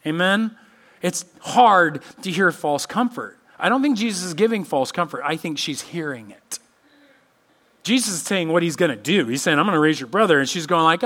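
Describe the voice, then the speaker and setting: A middle-aged man preaching a sermon as pastor, animated and acting out the voices of the people he quotes. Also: high-pitched, normal speed.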